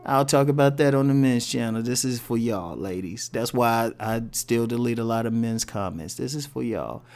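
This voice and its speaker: A man's voice: medium pitch, moderate pace, few pauses, a little mellow. Blunt, joking man giving relationship advice. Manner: blunt, tough-love, joking. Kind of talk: casual advice monologue.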